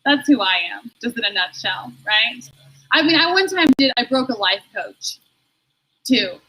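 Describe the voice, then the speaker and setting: A woman's voice: a little high, expressive, normal speed, sharp tone, breathy edge, low-quality recording. Chuckling woman doing stand-up. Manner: self-deprecating, chuckles through her own jokes. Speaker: stand-up comedian. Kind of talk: stand-up comedy set.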